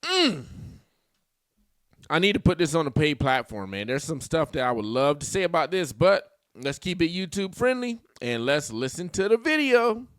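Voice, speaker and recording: Role: loud, slangy reaction host, male. Higher voice, lively swings, dry close sound. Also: normal speed, no room sound. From Washington state. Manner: loud, joking, slangy, laughs often. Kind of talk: casual commentary.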